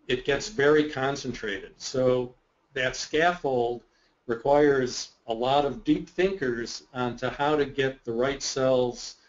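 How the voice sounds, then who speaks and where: Measured man explaining in a muffled webinar. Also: mid-range voice. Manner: measured, explanatory, self-deprecating humor. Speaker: guest expert. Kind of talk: webinar Q&A answers.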